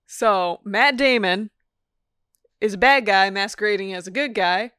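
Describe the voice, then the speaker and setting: A woman's voice: medium pitch, unhurried, sharp tone, clear, resonant tone, no room sound, clean studio sound. A woman co-hosting a podcast, chatting casually about a movie, laughing at her own confusion as she rambles. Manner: laughing, self-deprecating, rambling. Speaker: podcast co-host. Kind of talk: casual movie review chat.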